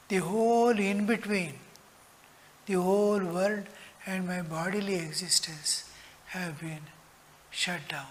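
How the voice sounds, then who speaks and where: Slow earnest monk in echoing hall. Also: male voice, sits high, fairly bright tone, a little hiss or hum. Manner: slow, earnest, dropping to whispers. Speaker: monk teacher. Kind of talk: spiritual discourse. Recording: long hall reverb.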